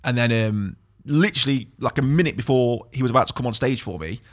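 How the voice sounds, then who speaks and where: A man's voice: mid-range voice, quick pace. A young man, telling a story as a podcast guest and acting out the quotes. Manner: animated anecdote-telling, acts out quotes. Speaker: guest DJ and producer. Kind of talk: casual storytelling chat.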